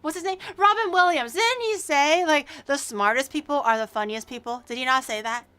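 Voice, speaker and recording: A woman's voice: sits high, brisk, pushed and bright. A woman in her early twenties with a Canadian accent, chatting casually and teasingly with viewers on a livestream, with lots of fillers. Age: early 20s. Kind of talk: casual chat reacting to viewers.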